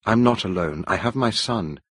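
A man's voice: fairly low pitch, expressive, normal speed, slightly rough, dry recording. A man voicing a proper young wife who answers firmly and coldly, with his voice lifted a little.

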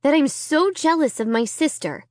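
A frantic, tearful young girl, as a woman reader puts her on, wails in a much higher, sharply rising voice. Her words tremble and jump all over the place. The sound is dry and close, with no room around it. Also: animated, normal speed, darkish tone, no room sound. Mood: anguished. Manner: high, wailing and shrieking.

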